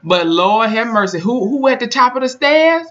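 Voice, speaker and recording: A vlogger recaps a TV episode in casual, emphatic storytelling, with a voice that swings up and down as they go. The sound is a little muffled and lo-fi, like a built-in camera mic. The middle-pitched delivery stays chatty throughout. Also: normal speed. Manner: animated storytelling, colloquial and emphatic. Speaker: TV episode reviewer.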